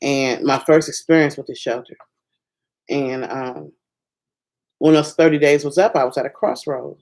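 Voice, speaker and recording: A woman from Ohio giving a personal testimony as a motivational speaker, telling an emotional story with lively restarts. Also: a bass voice, moderate pace. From Ohio, USA. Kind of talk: personal testimony, encouraging talk.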